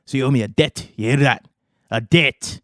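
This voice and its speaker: A man acting out a gruff, proud dwarf jailer in a tabletop game, boastful and snide. His voice sits at an everyday middle pitch, recorded dry and close with no room around it. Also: normal speed, a bit bright, dry recording, close to an everyday voice. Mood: boastful threat.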